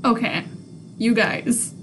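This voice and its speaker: A woman co-hosting a podcast, excitable and profane as she riffs on a film. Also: fairly high pitch, slow pace, background noise. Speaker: podcast co-host. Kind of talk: casual movie chat.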